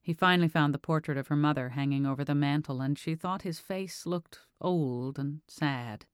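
An audiobook narrator reading fiction in a calm, even storytelling manner. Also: mid-range voice, moderate pace, clear, resonant tone, dry recording, clean studio sound.

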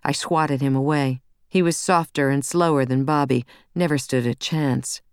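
Woman, audiobook narrator, first-person thriller, wry and brisk, crisp clear voice. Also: a bass voice, fairly even intonation, a little mellow, no room sound, studio quality.

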